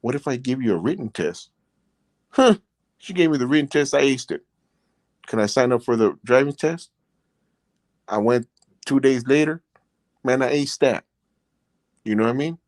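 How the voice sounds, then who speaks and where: A man's voice: mid-range voice, normal speed, pauses often, no room sound. A middle-aged man telling his own stories in a casual, rambling way, leaning on "you know" and getting earnest and emotional. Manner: rambling, leans heavily on "you know" fillers; earnest and emotional when recounting his experiences. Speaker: podcast host, former prisoner. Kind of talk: casual storytelling.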